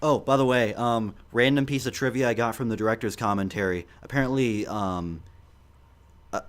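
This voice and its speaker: A man's voice: medium pitch, normal speed, clean tone. A young man with an ordinary mid-range voice, talking loosely on a podcast. He chuckles often and stops to search for words, with plenty of ums and restarts. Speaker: podcast co-host. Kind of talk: casual chat.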